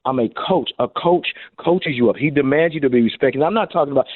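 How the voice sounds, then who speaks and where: A middle-aged former football receiver and coach calls in to a radio interview, telling his stories with energy and acting out the things he said to people. His voice is fairly high and quick, with hardly any pauses, coming through dry over a tinny phone line.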